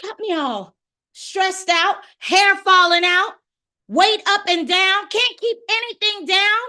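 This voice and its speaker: A woman performing a monologue over a video call as a betrayed, bitter wife accusing her unfaithful husband, her delivery raw and swinging between quiet and shouting. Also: extremely high pitch, slow pace, full character voice. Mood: grieving, vengeful. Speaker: acting student performing a monologue. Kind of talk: dramatic film monologue performance. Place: home via video call. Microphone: video call microphone.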